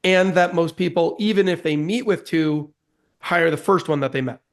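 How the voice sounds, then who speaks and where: A man's voice: a little high, moderate pace. A man co-hosting a webinar discussion, chiming in with enthusiastic, emphatic remarks.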